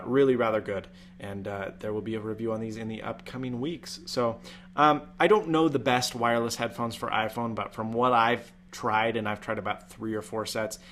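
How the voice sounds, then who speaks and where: Sitting several feet back from his USB microphone in a room with a fan, a Utah man hosts a laid-back tech live stream. He talks chattily with intentional leaps up in pitch, sounding a bit bright over slight background noise.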